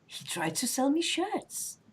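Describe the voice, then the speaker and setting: A woman who is not a native English speaker reads a dating game aloud on a live stream. Her narration is playful and laughing, with a lively, swinging pitch. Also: unhurried, slight background noise. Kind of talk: reading game text aloud, casual chat. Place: home streaming setup.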